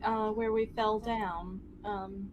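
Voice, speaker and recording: Slow, hesitant woman player. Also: medium pitch, steady tone, muffled recording, noisy background. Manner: hesitant, many ums. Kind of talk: casual tabletop play.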